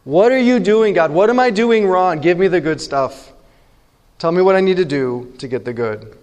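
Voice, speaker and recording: A man's voice: sits high, lively intonation, moderate pace, darkish tone, long reverb tail, highs cut off. A man putting on the voice of a whiny, exasperated teenager who sarcastically bargains with God. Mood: exasperated whining. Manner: sarcastic, pleading, exaggerated.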